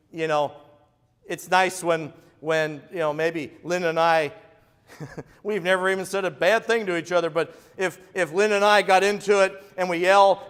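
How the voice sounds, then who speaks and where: Midwest guy preaching in a church, bit higher voice, goes hushed then loud, big reverb. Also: clean tone. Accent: American Midwest. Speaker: pastor. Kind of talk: sermon. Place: church sanctuary. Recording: echoey church hall.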